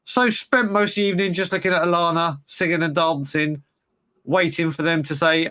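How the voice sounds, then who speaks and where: High bright guy rambling on about his night, dry sound. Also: steady tone, a little fast, dry recording. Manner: rambling anecdotes. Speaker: podcast co-host. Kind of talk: casual banter.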